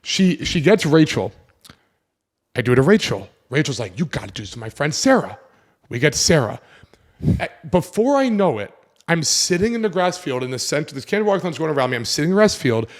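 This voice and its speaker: Animated man telling a story. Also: fairly high pitch, a little fast. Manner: animated, acts out quoted voices, swears casually. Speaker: podcast host. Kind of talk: casual storytelling chat.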